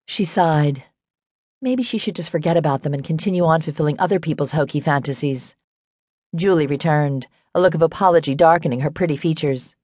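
A woman narrating a romance audiobook in an even, steady storytelling manner. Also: low-pitched, brisk, dry recording. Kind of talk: scripted narration.

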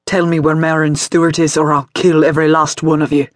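A man's voice: on the high side, little pitch movement, brisk, dry recording, studio quality, close to an everyday voice. A man voicing a cold, ruthless male soldier leader in an audiobook. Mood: menacing. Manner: menacing, mocking. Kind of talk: audiobook character voice.

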